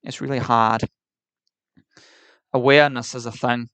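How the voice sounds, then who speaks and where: Opinionated streamer in a put-on New Zealand accent. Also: male voice, medium pitch, steady tone, unhurried, a bit bright, no room sound. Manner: opinionated, restarts words, reads and answers chat. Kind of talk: live stream chat.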